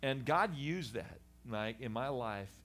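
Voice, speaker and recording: A middle-aged man, a guest in a conversation, giving a candid personal testimony about his past in an animated, earnest way with frequent restarts. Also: medium pitch, takes it slowly. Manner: animated storyteller, acts out voices of people in his story. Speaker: guest sharing his life story.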